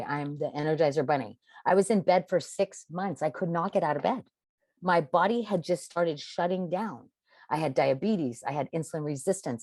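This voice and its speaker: A woman's voice: low-pitched, darkish tone, no room sound. A middle-aged woman, a podcast guest, telling her personal story in an emphatic, confessional way with dramatic stresses.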